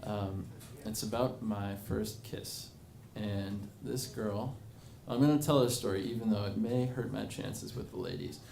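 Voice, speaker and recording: A man's voice: on the low side, fairly even intonation, a little slow, creaky, hardly any pauses, darkish tone. A man in his twenties telling a personal story to a live bar audience, rambling and self-mocking, with many fillers. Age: 20s. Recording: echoey bar with crowd noise.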